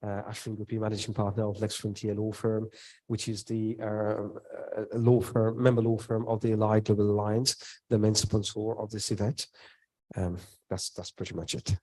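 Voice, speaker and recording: A man's voice: on the low side, level tone, normal speed, warm tone, poor audio. A man who is a law firm partner, giving a brief, hesitant introduction on a conference stage.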